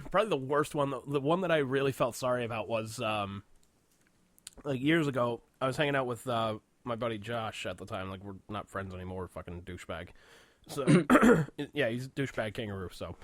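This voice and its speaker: A man's voice: mid-range voice, dry recording. Young male podcast co-host, profane storyteller who laughs a lot, dry close sound. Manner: laughs often, swears a lot, animated storytelling. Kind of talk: casual chat.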